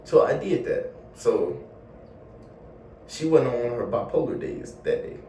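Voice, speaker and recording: A young man telling a casual storytime vlog in slangy, animated talk full of swearing. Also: medium pitch, a little slow, far from the mic, a little hiss or hum. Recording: roomy echo, a bit off mic, faint ambience.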